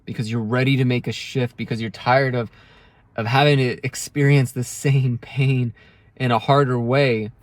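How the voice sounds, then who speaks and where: A man's voice: medium pitch, steady tone, normal speed, no room sound. A man speaking earnestly to camera in a heartfelt motivational monologue, often restarting his sentences. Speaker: self-help video creator.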